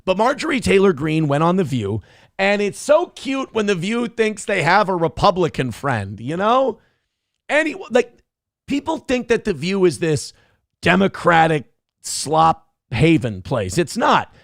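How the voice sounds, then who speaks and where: Irreverent, animated Midwestern morning host. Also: male voice, high voice, measured pace, creaky, no room sound, clean studio sound. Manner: irreverent, profane, rambling. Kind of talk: casual live-stream talk show.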